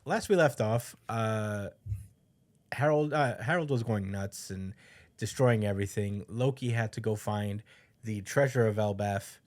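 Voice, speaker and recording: A man's voice: fairly low pitch, measured pace, a little mellow. Casual man rambling through a recap. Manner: rambling, many fillers, acts out quotes. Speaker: podcast co-host.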